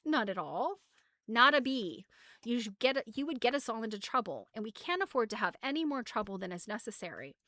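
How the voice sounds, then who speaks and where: A woman's voice: a little high, sing-song, fairly quick, sharp tone, no echo, clean studio sound. A woman doing an earnest young boy. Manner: earnest and sensible. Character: eager, practical young boy.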